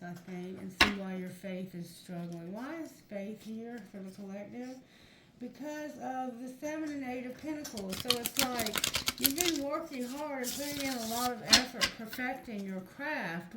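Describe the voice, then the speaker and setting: A woman reading tarot for her viewers, talking frankly and chattily and now and then calling on spirit. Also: fairly high pitch. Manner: frank, chatty, addresses spirit, earthy phrasing. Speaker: tarot reader. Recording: echoey room with noise behind.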